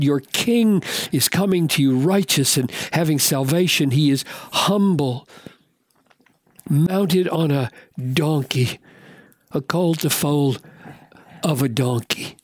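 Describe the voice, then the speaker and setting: A man preaching a sermon in an earnest, emphatic way, slowing down to stress key words and repeating questions for effect. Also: fairly high pitch, husky, no room sound.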